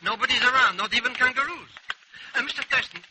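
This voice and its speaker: An actor with an American accent in a 1940s radio drama playing a brash, wheedling comic sidekick, on a hissy old recording. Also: male voice, extremely high pitch, fast. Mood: wisecracking. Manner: wisecracking, wheedling.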